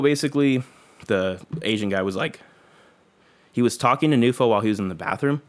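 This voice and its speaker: Young guy with a lowish voice, spinning a story, lots of swearing and slang, voices everybody he quotes. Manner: profane, slangy, acts out quoted dialogue. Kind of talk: casual storytelling chat.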